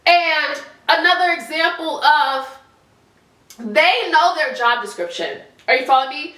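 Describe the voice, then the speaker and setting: A woman's voice: sits high, measured pace, roomy sound. A woman giving sassy, blunt reality TV commentary, her nose stuffy and congested. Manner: animated, sassy, blunt with profanity. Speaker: commentary vlogger.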